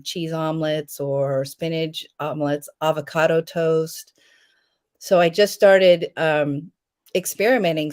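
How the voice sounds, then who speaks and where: A middle-aged woman chatting in a live interview, telling stories, acting out what people said and laughing often. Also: sits low. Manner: chatty storyteller, acts out quotes, laughs often. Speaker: guest, home jam maker. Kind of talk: casual live interview chat.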